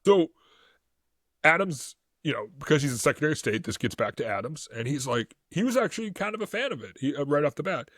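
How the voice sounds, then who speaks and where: A man's voice: a little high, very animated, fast, fairly bright tone, dry recording, clean studio sound. A man co-hosting a casual history podcast, rambling through his notes, stumbling over words and laughing often. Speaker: podcast co-host.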